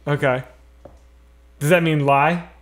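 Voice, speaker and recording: Man, podcast co-host, higher-pitched, profane ranting storyteller. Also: steady tone, slow. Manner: ranting, profane, heavy use of "like". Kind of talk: casual storytelling chat.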